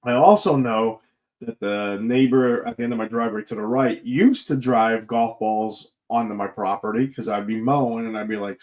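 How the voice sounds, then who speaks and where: A man's voice: medium pitch, moderate pace. Easygoing American male podcast host. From United States. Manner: relaxed storyteller, mimics his own past remarks. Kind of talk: casual chat.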